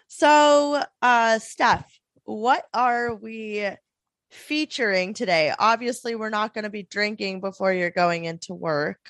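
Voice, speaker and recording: A woman's voice: medium pitch, slow, a bit bright, no echo. A woman co-hosting a casual podcast, upbeat and laughing, chatting loosely with a friend. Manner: hyper, laughing, swearing. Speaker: podcast co-host. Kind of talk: casual chat.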